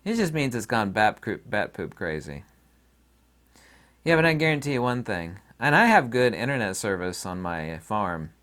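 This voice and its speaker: A man's voice: lowish voice, very animated, normal speed, fairly bright tone. A man hosting his own channel, talking in a rambling, opinionated and folksy casual monologue. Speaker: channel host.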